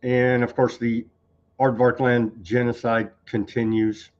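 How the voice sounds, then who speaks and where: Man, casual news-stream host, sarcastic and rambling, mid pitch, slightly muffled lo-fi audio. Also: flat delivery, measured pace, darkish tone. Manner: sarcastic, rambling, scornful asides.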